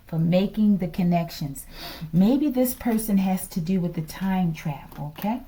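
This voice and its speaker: A woman's voice: on the low side, warm tone. A woman reading tarot in a casual vlog, talking emphatically and often checking in with her listeners. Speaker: tarot reader.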